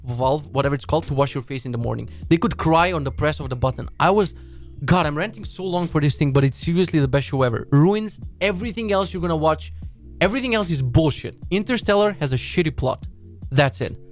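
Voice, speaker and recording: A young man hosting a web development live stream, ranting in a casual, excitable, profane and rambling way. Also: fairly high pitch.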